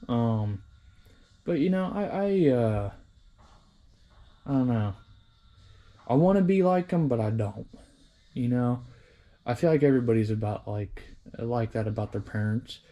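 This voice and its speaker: Rambling, profane man with a mellow voice. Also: medium pitch, animated, unhurried, pauses often. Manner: rambling, profane, self-deprecating. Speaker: hobby vehicle restorer. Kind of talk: casual workshop vlog.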